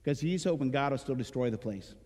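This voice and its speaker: A man's voice: mid-range voice, animated, fast. A male pastor giving a sermon in a church, talking to his listeners casually and asking rhetorical questions. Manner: conversational preaching with rhetorical questions. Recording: reverberant church hall with loud music.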